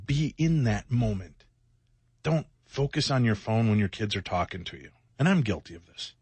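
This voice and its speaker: A middle-aged man with a husky voice and a dry, close studio sound co-hosts a late-night radio show. He sounds worn out and short on sleep, rambling and reflecting with self-mocking asides. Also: on the low side, animated, moderate pace, a little mellow, no echo. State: exhausted, sleepless. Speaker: radio co-host.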